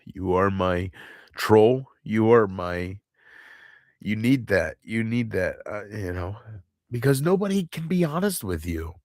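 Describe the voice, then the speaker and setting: A man speaking in an unscripted confessional monologue to his viewers, halting and heavy, often restarting and trailing off. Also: on the low side, animated, no room sound, studio quality. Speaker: channel host.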